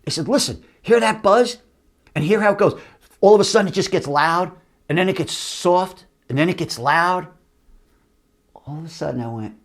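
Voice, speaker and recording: A man's voice: high voice, normal speed, long pauses. A middle-aged man hosting a show, telling a story from his career in a casual monologue and acting out the other people in it. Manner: animated, acts out other people's voices. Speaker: host, company CEO.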